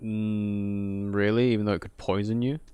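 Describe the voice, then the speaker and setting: A man's voice: on the low side, little pitch movement, moderate pace, dark tone, clear, resonant tone, no room sound. A man casually commentating a game with a playful, wry manner. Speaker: let's play co-host.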